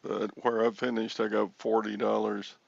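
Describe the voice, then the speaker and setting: An older man hosting a casual chat, telling a rambling story with chuckles and excited bursts. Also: on the low side, moderate pace, vocal fry, no room sound, lo-fi sound. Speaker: host. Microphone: headphones with mic.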